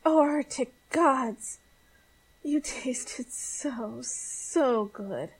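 High soft elf girl played by a woman, needy and breathy, slow and drawn out. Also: rough recording.

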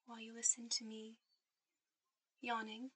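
A woman speaking in a soft, intimate whisper, guiding the listener toward sleep in a whispered role-play. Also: a little high, completely flat delivery, unhurried, slightly rough, low-quality recording. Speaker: ASMR performer.

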